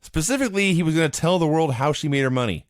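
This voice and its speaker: A man co-hosting a casual chat show, telling stories with lively energy and shouting out the lines he quotes. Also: fairly high pitch, fast talker, no room sound, clean studio sound. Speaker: podcast co-host. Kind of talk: casual chat recapping old wrestling.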